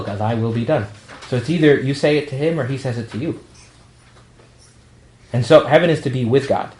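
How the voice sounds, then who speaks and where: A male priest speaks to a young adult group in a relaxed, conversational way. He jokes and slips into quoted back-and-forth exchanges. His voice rings around an echoey room over a faint hiss of background noise. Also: medium pitch. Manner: conversational and humorous, acts out quoted dialogue. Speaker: priest leading a young adult ministry meeting.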